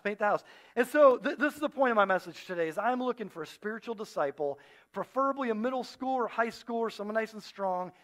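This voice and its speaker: A man in his forties preaching a sermon as a pastor, telling a story with playful, animated acted-out quotes. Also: high voice. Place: church stage.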